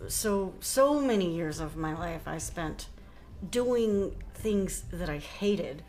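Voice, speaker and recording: A woman's voice: on the low side, animated, slow, darkish tone. Earnest woman guest in a podcast chat. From Ohio, USA. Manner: earnest, talks over her sister. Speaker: guest musician. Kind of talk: casual interview chat.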